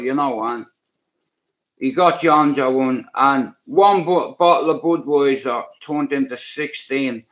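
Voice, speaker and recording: A man's voice: fairly high pitch, slow pace, a bit bright. A man with a Dublin accent, telling stories as a guest in a rambling, blunt way and swearing freely. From Dublin, Ireland. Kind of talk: casual storytelling. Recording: dull lo-fi sound.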